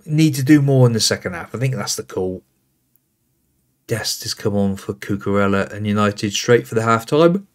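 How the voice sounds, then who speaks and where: A man's voice: lowish voice, lively intonation, normal speed. Exasperated man commentating his football game. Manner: exasperated, calls out player names as play unfolds. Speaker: gaming host.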